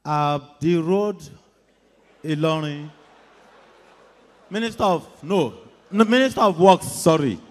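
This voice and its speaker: A man's voice: on the high side, expressive, slow pace, long pauses. A man with a Nigerian English accent, an audience member who stumbles and corrects himself while asking a question. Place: large conference hall. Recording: long hall reverb.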